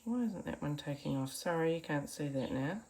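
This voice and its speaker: A woman's voice: low-pitched, expressive, brisk, noisy background. A woman giving a chatty, encouraging painting tutorial from her home art studio, talking to viewers as friends. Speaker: art teacher.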